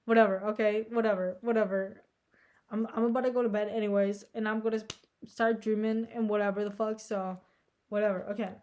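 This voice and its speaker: A woman's voice: medium pitch, flat delivery, fairly quick, a little mellow. A young woman vlogging in a casual, rambling monologue, anxious and self-deprecating, filling her talk with "like" and swearing. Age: young adult. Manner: rambling, heavy "like" filler, frequent swearing.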